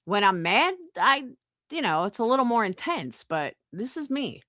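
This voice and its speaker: A fired-up woman host talks on her livestream. Her voice is bright and swoops up and down a lot. She swears freely and defends herself, and the sound is dry. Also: medium pitch, big pitch swings, normal speed, dry recording. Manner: profane, defensive, angry. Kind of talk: heated casual chat.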